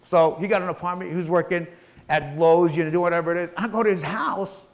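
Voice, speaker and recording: A man's voice: high voice, steady tone, quick pace. Profane, emotional middle-aged man storyteller. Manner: emotional, profane, acts out voices in his story. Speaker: entrepreneur telling his life story. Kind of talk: motivational personal storytelling.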